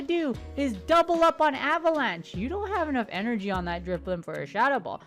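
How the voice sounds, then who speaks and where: A woman giving casual gameplay commentary, excitable and joking, swearing casually as she talks through her matches. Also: high-pitched, a little fast, hardly any pauses, faint music behind. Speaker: gaming commentator.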